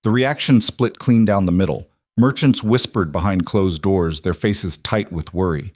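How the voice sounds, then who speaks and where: A man's voice: sits low, moderate pace, darkish tone, dry recording, studio quality. A man reading a scripted western story as narrator, telling it steadily.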